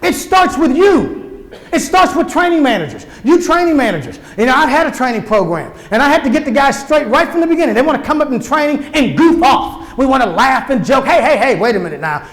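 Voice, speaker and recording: Keynote speaker, male, high voice, preacherly and emphatic, booming hall reverb. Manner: emphatic, preacherly, addresses the crowd directly. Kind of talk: conference keynote speech. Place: large conference hall.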